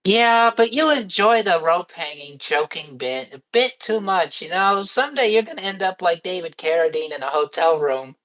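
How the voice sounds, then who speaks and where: A woman with a lowish voice joins a casual group chat. Her humor is dry and deadpan, and she often restarts her sentences mid-thought. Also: moderate pace, few pauses, rough recording.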